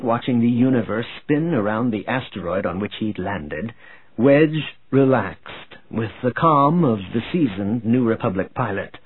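A man narrating a space adventure audiobook in a steady, measured way. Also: medium pitch, breathy edge, no echo. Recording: tinny phone-like sound.

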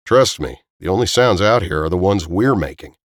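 A man voicing a calm, seasoned man in an audiobook, steady and explaining. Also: sits low, normal speed, no room sound, studio quality. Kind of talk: audiobook character voice.

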